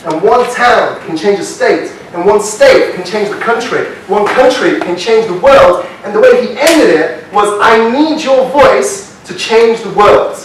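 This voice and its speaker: A man telling a story to a live audience at a business workshop, animated and constantly checking in with "right?" as he asks the room questions. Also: sits high. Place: hall with a seated audience. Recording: very echoey hall, mic far off, faint hiss.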